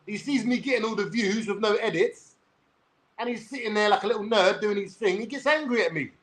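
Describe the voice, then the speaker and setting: A man's voice: high-pitched, fairly quick, fairly bright tone. A young man with a London accent telling a rambling, sweary story on a livestream in a brash way.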